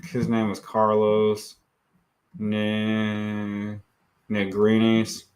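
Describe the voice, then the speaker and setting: A man with a low-side voice and flat delivery hosts a real estate live stream, drawing out words and pausing often over background noise. He speaks bluntly and casually while clicking through screens, regularly adding "okay," "guys," or "right."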